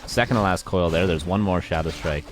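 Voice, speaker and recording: A man's voice: low-pitched, brisk, noisy background. A man casting a live strategy game match, chatty, talking to his chat and laughing at himself. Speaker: esports caster. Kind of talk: live play-by-play game commentary. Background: game music and sound effects.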